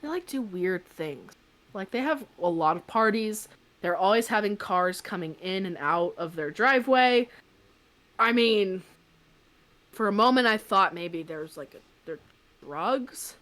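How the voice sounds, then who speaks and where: A young woman on a podcast, spinning a long personal story in a loose, chatty way. Her voice sits at an everyday middle pitch and she fills her sentences with "like" as she relives the moment. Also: unhurried. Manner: chatty, peppered with "like", animated retelling. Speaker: podcast co-host. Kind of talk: casual anecdote on a podcast.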